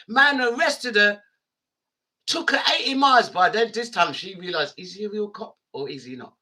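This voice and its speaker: A female radio DJ and host rants angrily and with indignation, speaking directly to her listeners. Her voice is medium-pitched, bright, and forceful.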